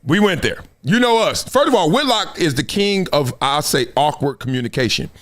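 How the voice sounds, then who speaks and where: A man's voice: fairly high pitch, moderate pace. A man hosting a live sports talk show, telling stories with lots of laughter and acting out the people he quotes. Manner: animated storytelling, acts out quoted voices; laughs often between remarks. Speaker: show host.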